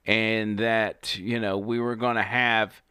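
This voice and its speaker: A male talk host with a bright, crisp voice, pressing his points with many halting restarts. The sound is dry and close on a studio microphone. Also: fairly low pitch, little pitch movement, no room sound. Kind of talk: casual political talk.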